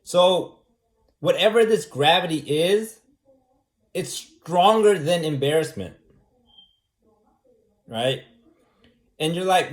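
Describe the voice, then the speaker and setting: A man's voice: on the high side, expressive, slow, long pauses. A man in a casual monologue who argues his point over and over and keeps asking "right?". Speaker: vlogger. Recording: echoey room.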